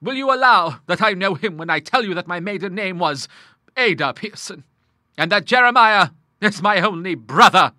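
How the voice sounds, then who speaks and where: A man's voice: sits high, lively intonation, moderate pace, sharp tone, no echo, clean studio sound, pitched above the performer's own voice, exaggerated voice. A man reading an audiobook, voicing a stern, grim middle-aged woman who speaks severely and with scornful emphasis. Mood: vehement.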